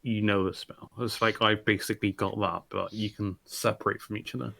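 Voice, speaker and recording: A man with a gravelly, fairly low voice talks through a plan with his gaming group. He thinks aloud, trails off and picks up again. His voice sounds close and dry. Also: flat delivery, fairly quick, bright, forceful tone, dry recording. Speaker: tabletop game player. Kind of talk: casual planning talk at the game table. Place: home, online voice chat.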